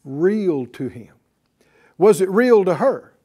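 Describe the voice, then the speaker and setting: A man's voice: sits high, very animated, takes it slowly, dark tone. A man teaching a Bible class in a preaching style, repeating key words and calling on the class to answer. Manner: emphatic, repeats key words, calls for responses.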